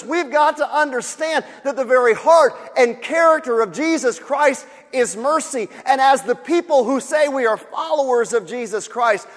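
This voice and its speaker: Male pastor, very high voice, sermon delivery with repeated phrases, long hall reverb. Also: a bit bright. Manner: repeats key phrases, acts out sighing bystanders.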